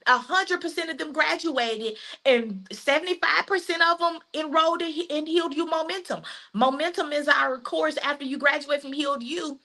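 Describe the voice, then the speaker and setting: Southern woman, life coach on a live stream, bright high voice, emphatic and folksy. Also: moderate pace. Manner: emphatic, repetitive, folksy phrasing.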